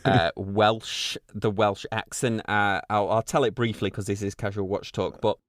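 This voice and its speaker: A man in his late thirties co-hosting a podcast, chatty and quick to laugh as he tells stories. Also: fairly low pitch, flat delivery, no room sound, studio quality. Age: late 30s. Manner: chatty storyteller, laughs easily. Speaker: podcast co-host. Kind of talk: casual chat.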